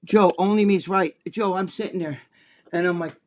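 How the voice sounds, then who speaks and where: A man co-hosting a talk show, telling a story in a casual, animated, profane way and acting out the people he quotes. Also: high-pitched, normal speed, slight background noise. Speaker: co-host.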